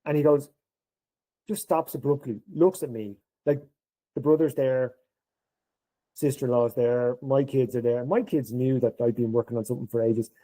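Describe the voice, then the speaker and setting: A man's voice: mid-range voice, normal speed, rough recording. A middle-aged Irish man, a podcast guest, telling an anecdote and acting out the lines of the people in it. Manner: animated storyteller acting out quoted dialogue. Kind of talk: anecdotal interview storytelling.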